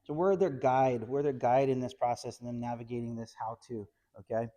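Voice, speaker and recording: A man with an ordinary mid-range voice teaches a puppy training session. He explains each step as he works the dog and keeps tagging his points with a quick "okay?" to the viewer. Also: medium pitch, fairly even intonation, warm tone. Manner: explains while working a puppy, frequent "okay?" check-ins. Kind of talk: instructional training video.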